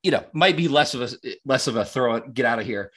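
A man's voice: medium pitch, expressive, fast talker, fairly bright tone, slightly rough. A man in casual podcast talk, meandering and profane. He trips over his own starts and circles back to his points. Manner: rambling, profane, many restarts. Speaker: podcast co-host.

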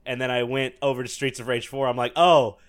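A young man co-hosting a podcast, enthusiastic and quick to laugh in casual chat. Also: medium pitch, monotone. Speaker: podcast co-host.

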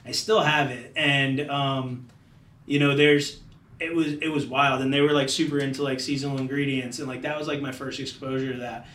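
Man, chef guest, casual storytelling, loose rambling delivery, mid-pitched voice, some faint noise behind. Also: little pitch movement, moderate pace, fairly bright tone. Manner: loose, rambling, many "like" fillers. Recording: roomy, distant mic.

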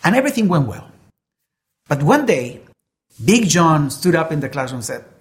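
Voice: medium pitch, big pitch swings, normal speed, pauses often. A preacher giving a sermon and telling an illustration story, speaking earnestly and often repeating words while searching for them.

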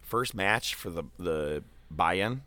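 A man telling a long story in casual podcast chat, loose and animated, with swearing and filler words. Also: deep voice, slow pace, no room sound.

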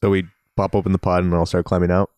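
A man with a fairly low voice plays a tabletop game, speaking in a relaxed, hesitant way. The sound is dry and close. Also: quick pace, clear, resonant tone, no room sound. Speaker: player. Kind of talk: casual tabletop play.

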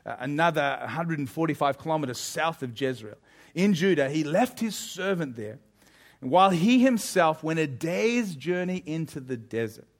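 High-voiced man preaching, lively storyteller, keeps asking the crowd stuff. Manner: lively storytelling, asks the audience questions. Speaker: pastor. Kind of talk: sermon.

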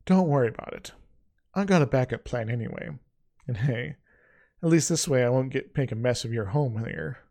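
A man's voice: mid-range voice, moderate pace, darkish tone, lightly acted. Breezy teasing young man, read by the narrator; offhand, mid-range voice. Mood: casual. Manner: breezy, teasing, stumbling restarts.

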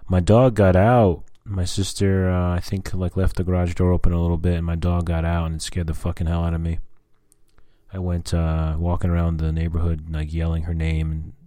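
Deep, dark-voiced man chatting casually. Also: flat delivery, moderate pace, no room sound, clean studio sound. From US Southwest. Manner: rambling, frequent fillers and cursing. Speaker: vlogger. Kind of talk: casual personal vlog chat.

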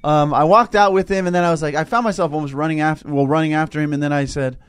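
A man's voice: on the high side, steady tone, smooth. A man who works as a teacher, telling a story in a casual spiritual chat with many restarts and hesitations. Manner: rambling, halting storytelling.

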